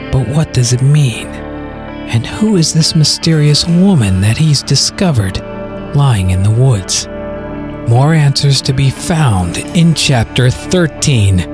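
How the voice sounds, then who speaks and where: A man reading his own audio story aloud as its narrator, in a dramatic, expressive way. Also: medium pitch. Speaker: podcast author and narrator.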